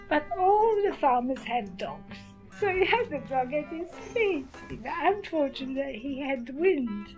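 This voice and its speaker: Lively older woman telling her story. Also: high voice, a little slow, over music, rough recording. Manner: lively, laughs while telling stories. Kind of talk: personal storytelling.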